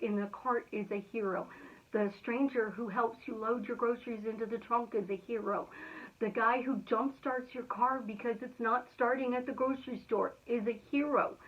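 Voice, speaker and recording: A woman giving an energetic, emphatic motivational talk in a chatty way. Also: fairly high pitch. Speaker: motivational speaker. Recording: tinny phone-like sound.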